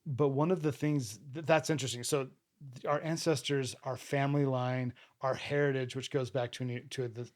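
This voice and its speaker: A man's voice: medium pitch, steady tone, moderate pace. An earnest man hosts a casual podcast chat in a mid-range voice. He tells personal stories and often cuts himself off to restart a sentence. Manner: earnest, storytelling, self-interrupting. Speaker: podcast host.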